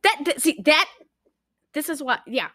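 A woman's voice: high voice, unhurried, dry recording. Young woman rambling through a film recap. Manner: rambling, animated retelling with acted-out quotes. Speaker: podcast co-host recapping a film. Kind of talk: casual chat.

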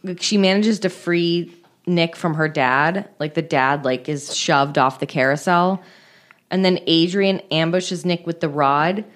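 A woman's voice: fairly low pitch, a little slow. A woman co-hosting a casual chat, retelling film scenes with many fillers. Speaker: podcast co-host.

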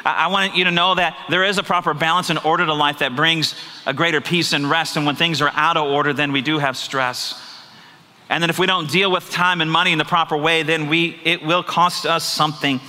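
Bright-voiced man preaching in an echoey hall. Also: on the high side, steady tone, brisk. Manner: earnest, confessional, frequent rhetorical questions. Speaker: pastor. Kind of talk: sermon. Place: church sanctuary. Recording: reverberant church hall.

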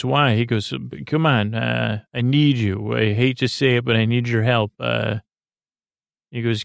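A man hosting a bedtime podcast, retelling a TV episode in a meandering, halting way full of ums and restarts. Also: vocal fry, dry recording. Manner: low-key, unhurried. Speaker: podcast host.

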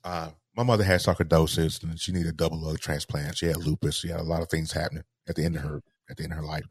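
A man telling a personal story in an interview, halting and repeating words as he speaks with grief. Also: a bass voice, level tone, slightly rough. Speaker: guest.

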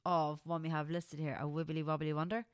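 A woman's voice: low-pitched, flat delivery, brisk, clear, resonant tone, no room sound, studio quality. An Irish woman co-hosting a podcast, chatting casually, giggling and bantering back. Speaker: podcast co-host. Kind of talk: casual chat.

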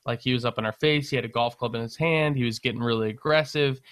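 A young man casually telling a long story on a podcast, animated, swearing and laughing as he goes. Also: medium pitch, fast, smooth, no room sound. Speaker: podcast co-host.

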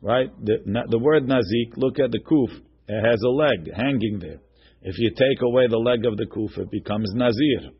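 A man's voice: medium pitch, moderate pace, slightly rough, muffled recording. A man teaching a text-study class, reading each line aloud, then translating and explaining it with frequent restarts. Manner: repeats and restarts words while explaining. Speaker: Talmud teacher.

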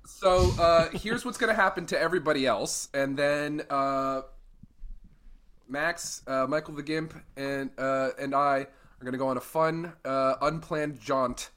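A man's voice: fairly high pitch, fairly even intonation, fairly bright tone. Stammering man running a tabletop game. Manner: halting, stammering narration. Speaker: game master.

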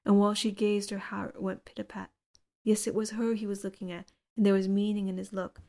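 A woman reading a literary novel aloud as an audiobook narrator, in a measured, even storytelling delivery. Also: mid-range voice, creaky. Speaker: audiobook reader.

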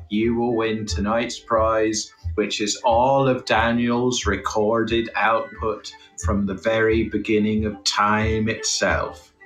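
A man's voice: mid-range voice, fairly bright tone. A man doing a put-on Irish quizmaster. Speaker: comedy podcast co-host running a quiz. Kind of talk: mock Irish quiz-host voice.

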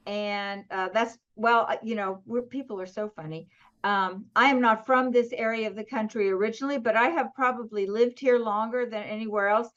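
Woman, middle-aged, from Pennsylvania, chatty, humorous, laughs often, fairly high voice, lo-fi video call. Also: moderate pace, a bit bright. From southwestern Pennsylvania, US. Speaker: author and guest. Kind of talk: casual interview chat.

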